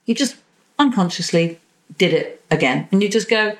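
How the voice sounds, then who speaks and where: A woman therapist talking as a podcast guest, animated, acting out little voices in her examples. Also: medium pitch, normal speed, low-quality recording. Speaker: psychosexual and relationship therapist, guest. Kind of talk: conversational podcast interview.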